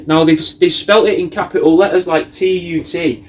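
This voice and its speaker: Rambling, sweary man, fairly high. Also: fairly even intonation, normal speed. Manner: meandering, sweary, riffing loosely with lots of "mate". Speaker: comedy cameo host. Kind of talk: rambling comic monologue.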